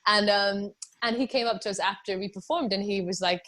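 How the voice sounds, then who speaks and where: A woman's voice: mid-range voice, steady tone, brisk, fairly bright tone. A young British woman from England, a musician chatting casually in an interview, rambling with many fillers and laughs. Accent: British English. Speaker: musician guest.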